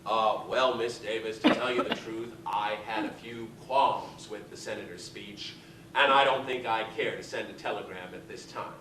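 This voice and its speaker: A man's voice: lowish voice, steady tone, moderate pace, background noise, pitched below the performer's own voice, lightly acted. A man doing a flustered, polite actress mother. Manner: hesitant, soft, well-mannered. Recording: echoey theater from far off.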